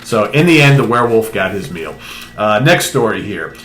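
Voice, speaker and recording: A man co-hosting a casual comic book talk show, retelling a story with animated asides. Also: lowish voice, moderate pace. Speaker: podcast co-host. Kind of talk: casual chat reviewing a comic. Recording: echoey room, faint noise.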